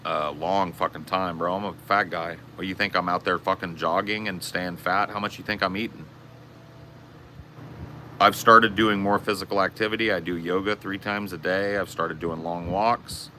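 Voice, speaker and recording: A man's voice: low-pitched, steady tone, moderate pace, pushed and bright, slight background noise. A man from the US West Coast ranting on his livestream, brash, profane and trash-talking. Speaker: streamer. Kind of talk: casual livestream rant.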